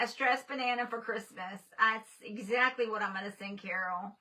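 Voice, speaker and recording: A woman's voice: mid-range voice, moderate pace, bright, forceful tone, distant mic, low-quality recording. A woman painting on a live stream, chatting casually with viewers and laughing often.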